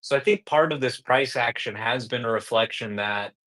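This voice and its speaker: Guy hosting a market show, bright punchy voice, casual and emphatic, slows down to hammer points. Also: medium pitch. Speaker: show host.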